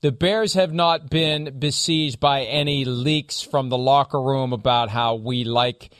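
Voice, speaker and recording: A man hosting a studio sports talk show, steering the talk with measured segues between topics. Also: mid-range voice, fairly even intonation, a bit bright, dry recording. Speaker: host.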